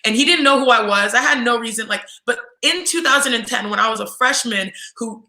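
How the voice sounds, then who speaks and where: Bright-voiced young woman telling stories. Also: a little high, a little fast, reverberant, poor audio. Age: 20s. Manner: lively storyteller who acts out other people's voices. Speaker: guest. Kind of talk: casual storytelling.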